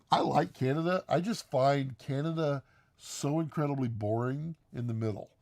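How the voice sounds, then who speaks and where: A man co-hosting a live stream, chatting casually and quickly, laughing often as he answers questions. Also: medium pitch, a little mellow. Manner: fast-talking, laughs often.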